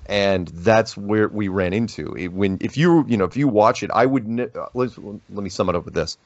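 A man as an interview guest, talking casually and telling rambling, animated stories with many restarts. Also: lowish voice, moderate pace, no echo. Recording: dull lo-fi dry audio.

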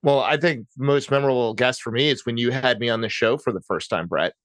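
A man's voice: mid-range voice, a little fast, fairly bright tone, dry recording. A man co-hosting a podcast, telling an anecdote in an easygoing way. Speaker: podcast co-host. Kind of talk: casual conversation on a podcast.

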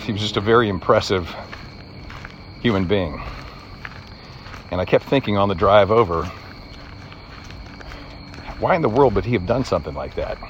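Man, middle-aged, very deep voice, earnest reflective storytelling, faint background hiss. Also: highs cut off. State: choked up. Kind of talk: personal storytelling.

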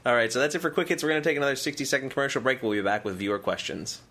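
Relaxed man hosting a gaming podcast. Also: medium pitch, racing. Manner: relaxed, filler-heavy, profane. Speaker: podcast host. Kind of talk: casual gaming podcast, running segments.

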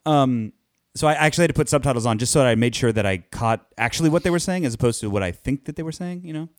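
A man's voice: mid-range voice, animated, quick pace, no room sound, clean studio sound. A man co-hosting a casual film review chat, talking loosely with many hesitations. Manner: chatty, hesitant with many ums. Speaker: podcast co-host reviewing films.

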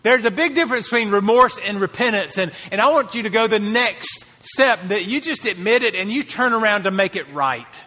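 A man's voice: high voice, animated, fairly quick, few pauses, sharp tone, big-room sound. A man preaching a sermon as a pastor, earnest, lifting his voice to stress key phrases.

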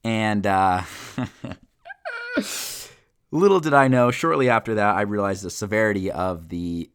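Young man telling a story in a low voice. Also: unhurried, clear, resonant tone. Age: young adult. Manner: animated, filler-heavy, acts out quotes. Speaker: podcast host. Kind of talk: casual storytelling.

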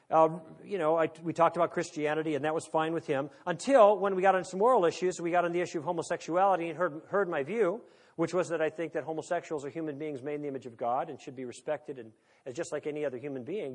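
High-voiced man giving a lecture. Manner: conversational, humorous, rhetorical questions. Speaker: speaker on moral philosophy. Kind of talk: lecture to an audience.

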